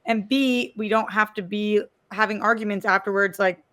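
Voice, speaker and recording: A woman co-hosting a podcast, talking in casual chat with quick asides. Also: medium pitch, fairly even intonation, a bit bright. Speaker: podcast co-host.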